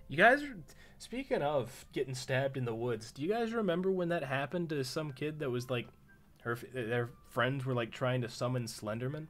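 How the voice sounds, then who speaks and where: A man's voice: mid-range voice, expressive, normal speed, a bit bright, soft background music. A man live-streaming a horror visual novel, reading the narration aloud and breaking off for profane, jokey reactions.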